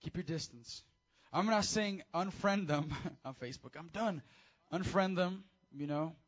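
A man preaching a casual, high-energy sermon to teenagers as youth pastor, with call-and-response. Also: unhurried, muffled recording.

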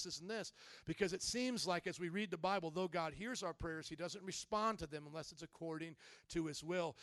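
A male pastor preaching a sermon in a lively way, leading the congregation in call-and-response. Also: high voice, dry recording.

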